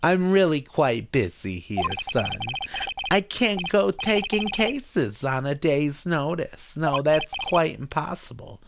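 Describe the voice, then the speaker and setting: A pompous older gentleman lawyer, as a man puts him on, talks in a lifted, self-important voice. He blusters and stumbles over excuses, always sounding put out. Loud video game music plays underneath. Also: a little high, animated, takes it slowly, creaky, very noisy, exaggerated voice. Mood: brusque.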